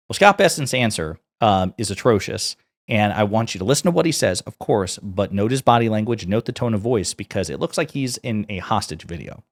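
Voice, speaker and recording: A man's voice: on the low side, expressive, brisk. Brief: man delivering scornful, emphatic political commentary.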